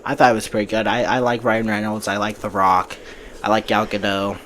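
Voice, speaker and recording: A man's voice: lowish voice, level tone, fairly quick, a bit bright. A man hosting a casual movie podcast, giving breezy opinions and often restarting his sentences. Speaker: podcast host.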